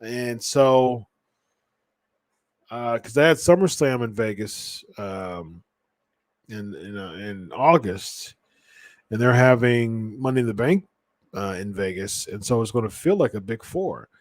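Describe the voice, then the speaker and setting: A man's voice: on the low side, animated, slow pace, dry recording. A man hosting a podcast, chatting casually about wrestling and often correcting himself mid-sentence. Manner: rambling, with frequent restarts and self-corrections. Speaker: podcast host.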